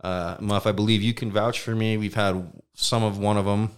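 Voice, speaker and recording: Man, low voice, smooth, podcast co-host, casual storytelling, swears, mimics others. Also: moderate pace. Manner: animated anecdote teller, mimics voices, swears.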